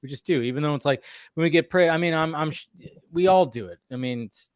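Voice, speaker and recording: A man joins a casual online panel, talking loosely with profanity and circling back to his points. His voice sits a little high and is recorded close and dry. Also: quick pace, clean tone, dry recording. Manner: animated, profane, repeats himself.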